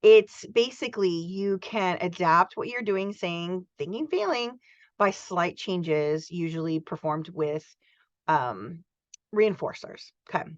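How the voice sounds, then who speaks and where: A woman's voice: fairly low pitch, slow, no room sound, lo-fi sound. Chatty, enthusiastic woman in her forties lecturing. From United States. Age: 40s. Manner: chatty, enthusiastic, acts out student voices. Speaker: college instructor. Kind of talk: recorded lecture.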